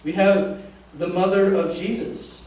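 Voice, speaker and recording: Guy preaching a sermon, pretty high voice, chatty, big echoey church mic far off. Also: flat delivery, measured pace, darkish tone, a little hiss or hum. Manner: conversational, jokes with the congregation. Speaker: pastor. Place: church sanctuary.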